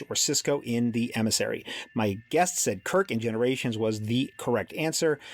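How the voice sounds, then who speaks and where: A man hosting a podcast, reading announcements playfully and then interviewing a guest. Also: mid-range voice. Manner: playful, animated delivery. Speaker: podcast host.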